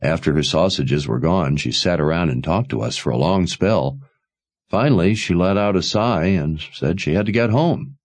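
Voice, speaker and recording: A man's voice: deep voice, lively intonation, moderate pace, no room sound. A man voicing a friendly, concerned young wine seller who talks easily. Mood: kindly.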